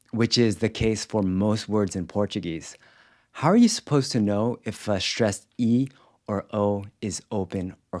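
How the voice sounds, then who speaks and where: A man teaching a pronunciation lesson, enunciating each example word carefully in a clear, deliberate voice-over. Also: lowish voice, darkish tone, no echo, clean studio sound. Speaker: language teacher.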